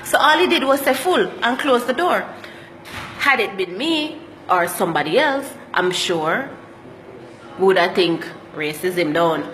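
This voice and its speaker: Bright-voiced Jamaican woman vlogger. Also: mid-range voice, expressive, unhurried, big-room sound, a little hiss or hum. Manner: slips into Jamaican patois while telling stories. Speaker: travel vlogger. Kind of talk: casual storytelling vlog.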